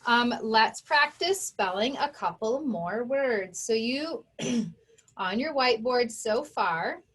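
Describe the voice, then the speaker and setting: A woman's voice: fairly high pitch, lively intonation, takes it slowly, a bit bright, slightly rough. A woman teaching a children's phonics lesson, patiently sounding out words and spelling them letter by letter.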